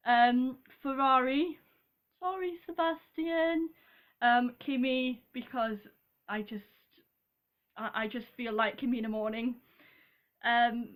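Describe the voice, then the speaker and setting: Casting: young British woman, giggly and rambling, slow delivery, slightly high voice. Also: a bit bright. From Britain. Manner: giggly, rambling, apologetic, with frequent ums. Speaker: vlogger. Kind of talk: casual chat.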